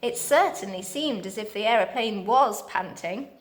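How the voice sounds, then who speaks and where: A woman reading a children's book aloud, steady and expressive. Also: medium pitch, normal speed. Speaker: storybook reader.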